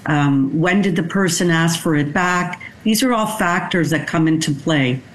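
A woman lawyer explaining the law in a brisk, matter-of-fact way as an interview guest. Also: on the low side, reverberant, low-quality recording. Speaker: divorce lawyer. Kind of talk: expert interview.

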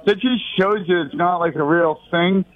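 A man's voice: high voice, moderate pace. A man who is a regular on a radio show, rambling casually and getting riled up in banter. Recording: dull lo-fi audio.

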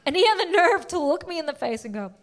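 A woman's voice: very high voice, sing-song, quick pace. A woman performing a stand-up comedy set, brash and crude, firing off self-mocking punchlines. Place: comedy stage before a laughing audience.

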